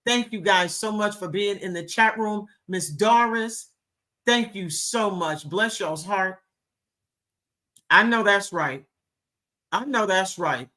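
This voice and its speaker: Woman host, unhurried, drawn-out and emphatic, sweetly affectionate, calling listeners "baby", clear bright tone. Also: medium pitch. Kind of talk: live talk show, reading chat.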